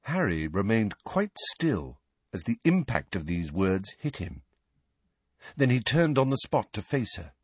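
A man narrating an audiobook with an expressive, storytelling delivery. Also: lowish voice, measured pace, slightly rough, no echo. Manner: expressive, lively reading. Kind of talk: scripted narration.

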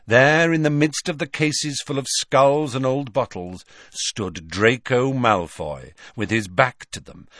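With a medium-pitched voice, a man reads an audiobook in a measured, expressive manner. The sound is clean studio audio with no room sound.

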